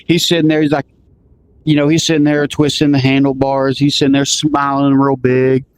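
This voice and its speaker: A man's voice: mid-range voice, completely flat delivery, moderate pace, clear, resonant tone. A man casually telling a road story, rambling and restarting, acting out the dialogue he recalls. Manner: rambling, restarts often, acts out quoted dialogue.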